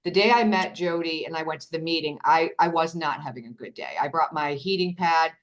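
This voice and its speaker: Chatty woman with a low voice. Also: fairly quick. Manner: chatty, self-deprecating, acts out quotes. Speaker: guest sharing testimonial. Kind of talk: casual chat.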